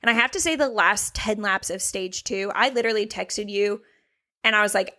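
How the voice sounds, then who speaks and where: A woman co-hosting a racing podcast in casual chat, animated and laughing often, with frequent swearing. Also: mid-range voice, normal speed. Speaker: podcast co-host.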